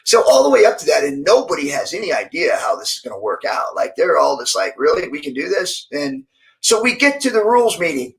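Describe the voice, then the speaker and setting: A middle-aged man tells fight stories in a relaxed interview, his voice gravelly with a slightly raised pitch. He acts out what others said to him and often restarts his sentences. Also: fairly quick, rough recording. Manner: animated storyteller acting out quoted dialogue, many restarts. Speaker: interview guest, former fighter. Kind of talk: casual storytelling interview.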